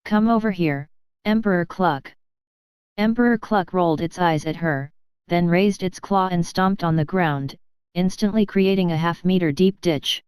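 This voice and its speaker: A woman narrating a story in a steady, even reading style. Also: on the low side, normal speed, smooth, dry recording. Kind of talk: scripted narration.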